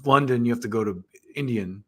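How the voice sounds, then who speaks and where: A man's voice: medium pitch, fairly quick, bright, forceful tone, breathy edge. Laid-back joking man hosting a live show. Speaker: podcast host. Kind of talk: casual live-stream chat.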